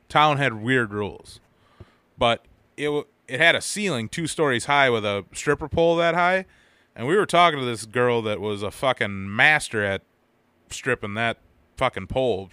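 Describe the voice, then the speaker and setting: A man's voice: mid-range voice, a bit bright, clear, resonant tone, no room sound. A man with an Upper Midwest American accent, co-hosting a casual podcast and telling crude, rambling stories full of swearing. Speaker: podcast co-host.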